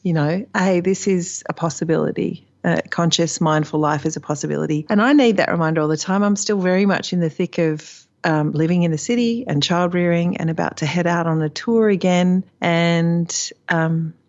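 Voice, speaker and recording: A woman's voice: on the low side, normal speed, few pauses. Candid woman on a dull line. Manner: candid, storytelling, swears freely. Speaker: guest author. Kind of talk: casual conversation.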